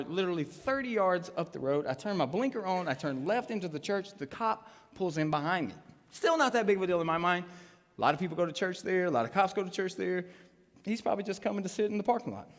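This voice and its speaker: A man preaches a sermon and acts out every voice in his story. His pitch swings widely and his tone is bright and forceful. The live recording rings with the long reverb of a large church auditorium. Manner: animated storytelling with voiced quotes. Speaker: pastor.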